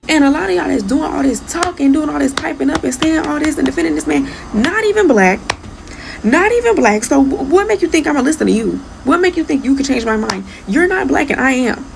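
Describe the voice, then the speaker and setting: A woman from the United States vents in an emphatic, exasperated rant and drives each point home by repeating it. Her voice sits a little high and crackles with vocal fry. A faint hiss of noise runs underneath. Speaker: commentator. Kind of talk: heated social media rant.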